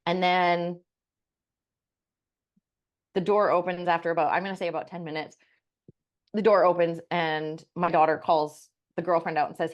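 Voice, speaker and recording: A middle-aged woman with a fairly low voice tells a personal story on a podcast. She talks casually and candidly, swears without hesitation and leans on "like" as she goes. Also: fairly even intonation, moderate pace, pauses often, muffled recording. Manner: candid, swears freely, frequent "like" fillers. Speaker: podcast co-host.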